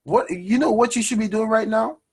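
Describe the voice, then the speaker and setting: A man hosting a personal finance show, talking to his audience in an energetic, preachy way and calling them guys. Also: sits high, a little fast, breathy edge. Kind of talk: energetic motivational money talk.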